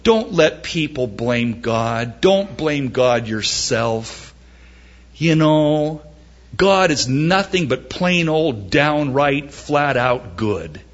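Animated preacher man, lively wry delivery. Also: medium pitch, drawn-out words, dull audio. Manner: animated, dramatic quoting with mock-wailing and wry humor. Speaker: pastor. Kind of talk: sermon.

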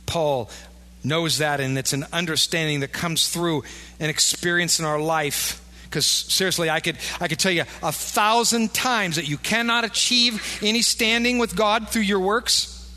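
A pastor with a slightly high, bright, pushed voice preaches at a measured pace, keeping the sermon casual and conversational. He often acts out the imagined inner voices of his listeners, and a long hall reverb surrounds him.

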